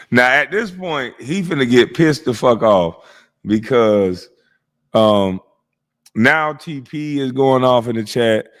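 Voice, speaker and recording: A man's voice: medium pitch, animated, slow, long pauses, a bit bright. A man streaming live who reacts to a clip with mocking, heavily profane commentary, laughing often.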